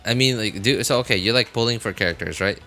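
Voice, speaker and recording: A man's voice: on the low side, fast talker, sharp tone. A man on a casual gameplay livestream, sleepy and yawning, rambling as he talks back to his viewers' chat. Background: faint game music.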